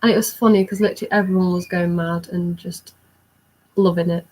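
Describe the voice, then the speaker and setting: Young woman, chatty vlogger, recounts a story with breathless excitement. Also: fairly low pitch, fairly quick, rough recording. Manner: excited, rambling recounting with many fillers. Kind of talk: storytime vlog.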